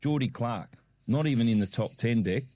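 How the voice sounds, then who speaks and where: A middle-aged Australian man in casual chat as co-host, telling stories with lively acted-out quotes. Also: mid-range voice, moderate pace. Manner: animated storyteller, acts out quotes.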